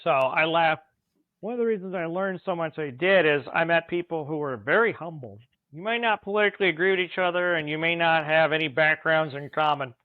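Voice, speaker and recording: A man, an automation engineer, telling work stories in a casual interview, animated and laughing now and then. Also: a little high, brisk, dry recording. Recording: tinny phone-like remote call line.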